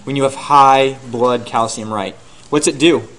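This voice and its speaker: A man teaching a class, lecturing and quizzing his students with rapid questions and answering them himself. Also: mid-range voice, fairly bright tone.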